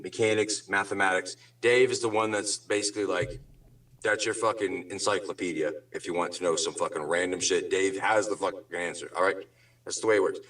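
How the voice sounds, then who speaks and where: A man's voice: lowish voice, a bit bright. Swearing, ranting man far from the mic. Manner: angry, sarcastic, swears constantly, loose slangy talk. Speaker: guest on a drama talk show. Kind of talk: heated profane rant.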